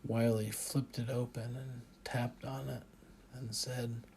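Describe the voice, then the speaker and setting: A man narrating a first-person audiobook in a measured, dry manner. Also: medium pitch, level tone, gravelly, a little mellow, slight background noise.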